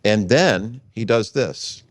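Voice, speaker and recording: Low-voiced older man telling a story. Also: takes it slowly. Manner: relaxed anecdotal storytelling with quoted dialogue. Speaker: guest. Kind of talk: storytelling interview.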